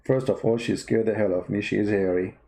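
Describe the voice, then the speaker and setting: A man's voice: lowish voice, steady tone, brisk, gravelly, warm tone, voice pushed down. A man voicing a nervous male angel hurrying to leave. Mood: flustered.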